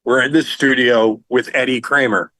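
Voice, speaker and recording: A middle-aged man, a rock singer, telling anecdotes in a casual interview, animated and laughing now and then. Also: medium pitch, moderate pace, no echo, rough recording.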